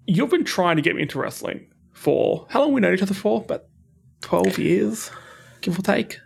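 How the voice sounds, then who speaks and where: Gravelly-voiced man hosting a podcast. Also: high-pitched, sing-song. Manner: jokey, rambling, quick bursts. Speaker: podcast host. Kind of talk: casual podcast chat.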